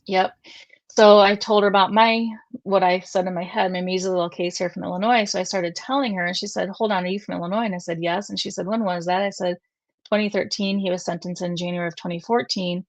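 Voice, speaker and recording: Middle-aged woman guest, earnest storyteller, slightly low voice, dry close sound. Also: steady tone, fast, no echo. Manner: emotional, earnest, quotes others at length. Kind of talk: conversational storytelling.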